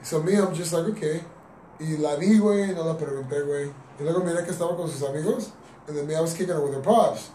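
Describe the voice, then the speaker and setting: A man's voice: fairly high pitch, fast talker, warm tone, slight background noise. A young man, telling a story in casual chat, slangy and swearing, switching between English and Spanish. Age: young adult. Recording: roomy distant mic with music. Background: music.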